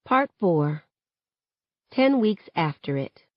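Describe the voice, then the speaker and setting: A woman's voice: lowish voice, very animated, slow, dry recording. A woman reading a first-person novel aloud, changing her voice for each character's lines. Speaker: audiobook reader. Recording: dull, dry, lo-fi home recording.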